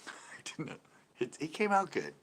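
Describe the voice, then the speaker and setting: A man's voice: a little high, huge pitch swings, moderate pace, gravelly, fairly bright tone. A middle-aged man hosting a live stream, chatting casually, laughing often and swearing lightly.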